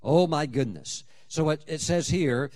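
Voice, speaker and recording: A man delivers a fervent sermon in a fairly high voice. He preaches emphatically, with dramatic swings in loudness and pitch. He often acts out prayers and scripture in quoted voices. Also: unhurried.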